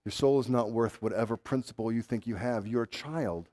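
A man preaching a sermon, swinging from loud urgent pleading to low, quiet intensity. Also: a little fast. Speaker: pastor.

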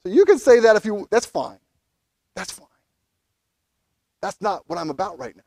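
A pastor preaching a sermon, animated, acting out quoted figures as he goes. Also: high voice, normal speed, a little hiss or hum.

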